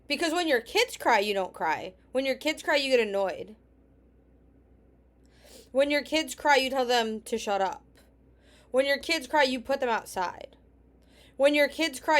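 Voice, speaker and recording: Sarcastic scolding woman commentator. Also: fairly high pitch. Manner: sarcastic, scolding, drops to near whispers. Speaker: commentary host. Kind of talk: reaction commentary.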